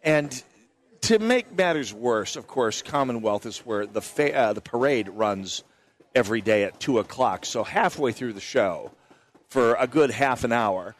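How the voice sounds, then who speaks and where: A man's voice: medium pitch, lively intonation, measured pace. Chatty talk radio host man. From Minnesota. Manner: chatty storytelling with frequent restarts and asides. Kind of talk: live radio broadcast from a fair booth. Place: outdoor booth at a state fair. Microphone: broadcast mic with headphones.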